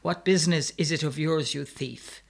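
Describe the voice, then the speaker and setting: A man's voice: fairly high pitch, steady tone, normal speed, gravelly. A man voicing a sullen, defiant young countrywoman who snarls her answers.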